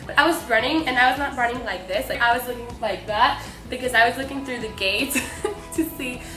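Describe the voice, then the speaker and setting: Young female vlogger, gushing storyteller, higher bright tone in a roomy space. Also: fairly quick. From Mexico. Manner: bubbly, breathless, lots of "like". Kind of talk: excited storytelling to camera. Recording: echoey room with faint music.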